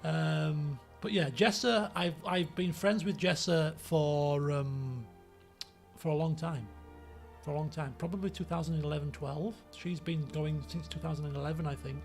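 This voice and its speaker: Yorkshire guy rambling on stream, lots of ums, bit gravelly. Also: fairly high pitch, fairly even intonation, normal speed, faint music behind. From Yorkshire, England. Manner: rambling, many fillers and restarts. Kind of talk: casual chat.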